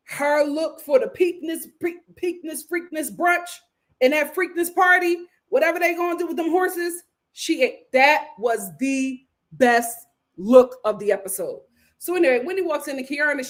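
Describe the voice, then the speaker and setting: Casting: high-voiced, very expressive woman host, for a chatty recap show. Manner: animated, acts out cast members' lines with big vocal swings. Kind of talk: casual recap commentary.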